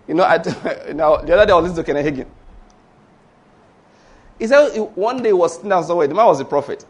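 A man preaching a sermon, telling a story with emphasis and rhetorical questions. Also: on the high side.

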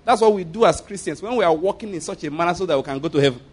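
A man's voice: a little high, lively intonation, rapid-fire, slightly rough. A man preaching as a pastor in an emphatic sermon, repeating phrases and asking rhetorical questions.

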